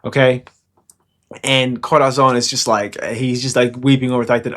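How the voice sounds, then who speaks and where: A young man hosting a fan commentary channel, talking fast and excitably in a rambling, casual way. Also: mid-range voice. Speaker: anime commentary channel host.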